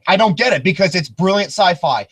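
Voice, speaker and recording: A man with a high, swooping voice hosts a laid-back podcast chat. He rambles excitedly from point to point and swears freely as he goes. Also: a little fast, slightly rough. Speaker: podcast host.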